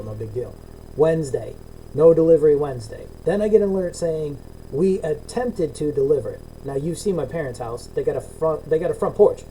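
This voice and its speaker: A middle-aged man venting on a video call podcast, swearing freely and acting out his exchanges with others. His voice is very dark and mellow, with a faint hiss of background noise behind it. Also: a little high, rough recording. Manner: ranting, swears a lot, acts out both sides of calls. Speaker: podcast co-host. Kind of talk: casual profane chat.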